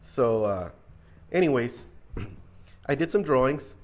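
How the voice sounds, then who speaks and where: A man telling army stories casually, animated and swearing now and then. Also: medium pitch, takes it slowly. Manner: animated, acts out quoted voices, casual swearing. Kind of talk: casual storytelling.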